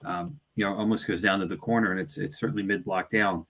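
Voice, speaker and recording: A man in relaxed conversation recalling an investigation. His voice sits low and his talk is chatty. He speaks plainly, without fuss. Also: quick pace. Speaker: paranormal investigator co-host. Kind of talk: casual discussion.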